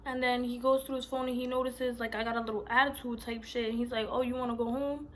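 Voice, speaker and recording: Loud, slangy New woman telling a story. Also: on the high side, completely flat delivery, fast, slight background noise. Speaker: vlogger. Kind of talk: casual storytime vlog.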